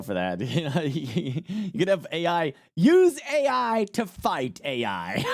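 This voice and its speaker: A man's voice: a little high, no echo, clean studio sound. A man live-streaming casual commentary, rambling and joking with plenty of swearing. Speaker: streamer reacting to a news clip.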